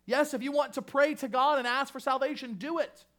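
A male pastor with a strikingly high voice delivers his sermon. He is emphatic and insistent, repeating key phrases for force. His delivery swings between raised fervor and hushed, earnest lows. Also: a little fast.

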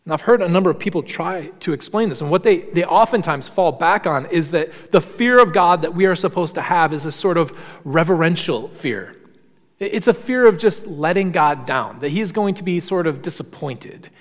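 A man preaching a sermon in earnest, shifting between quiet low passages and raised emphatic ones, often repeating words as he restarts. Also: lively intonation, normal speed. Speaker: pastor. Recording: long hall reverb.

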